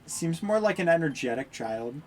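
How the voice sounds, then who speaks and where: A woman's voice: low voice, lively intonation, normal speed, faint music behind. A woman streaming a video game, making wry, sarcastic asides as she plays. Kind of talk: casual game commentary.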